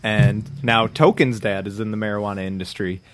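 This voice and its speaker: A man's voice: on the low side, steady tone, brisk, slight background noise. A man co-hosting a casual podcast, talking loosely and profanely, often laughing and acting out quotes. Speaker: podcast co-host. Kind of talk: casual chat.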